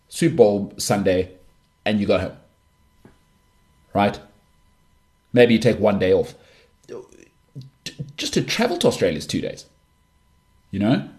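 A man's voice: mid-range voice, a little mellow. A middle-aged man hosting a solo sports podcast, talking in an opinionated, emphatic way with frequent restarts. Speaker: podcast host.

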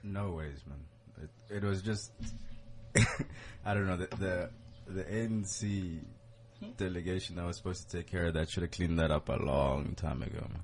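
A man's voice: low-pitched, moderate pace, a little mellow, slight background noise. A man, a guest in a radio studio, bantering in a laid-back, teasing way.

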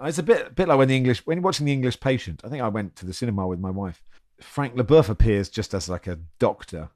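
A man's voice: medium pitch, lively intonation, fast talker, a little mellow. A man hosting a podcast, chatting casually and giggling as he reads out listener messages. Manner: chatty, giggly, self-deprecating. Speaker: podcast host.

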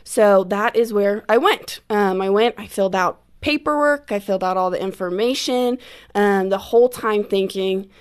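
A young adult woman, a guest on the show, recounting a personal story in a candid, quick way with many fillers. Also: mid-range voice, clean tone. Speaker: interview guest. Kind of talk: personal testimony in an interview.

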